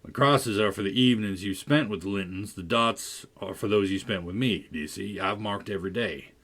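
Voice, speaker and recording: A sullen, brooding teenage farm boy, as a man reading an audiobook puts him on, speaks low and gruffly in a deep, husky voice. He sounds resentful and withdrawn. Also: brisk, fairly bright tone. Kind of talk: audiobook character voice.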